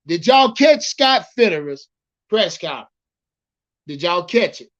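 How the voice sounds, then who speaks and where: A man's voice: sits high, very animated, measured pace, fairly bright tone, highs cut off. A man casually chatting with his livestream viewers about football, profane and rambling, repeating himself and calling out the chat. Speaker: livestream sports commentator.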